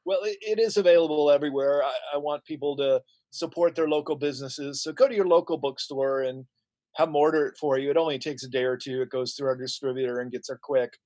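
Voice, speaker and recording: A man who is an author and publisher, a guest on a talk radio show, speaking calmly and matter-of-factly into a close microphone. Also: fairly high pitch, quick pace, no echo.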